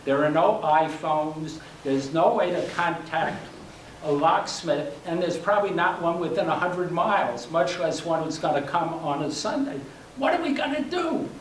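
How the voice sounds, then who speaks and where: A man's voice: on the high side, moderate pace. Older man telling a wry story, roomy room. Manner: wry, self-deprecating, laughs at his own punchlines. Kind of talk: personal story performed for a live audience. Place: library workshop room. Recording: roomy, distant, faint hum.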